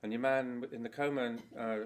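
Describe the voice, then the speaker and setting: A man's voice: medium pitch, fairly even intonation, normal speed. An older man giving a loose, rambling conference talk, swearing now and then and laughing at his own stories. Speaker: conference speaker. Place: conference hall.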